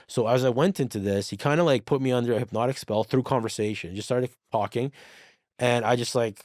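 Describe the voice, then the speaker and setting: A man telling a personal story in a casual podcast conversation, animated, swearing freely and acting out the dialogue. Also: mid-range voice, a little fast, dry recording, studio quality. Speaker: podcast guest.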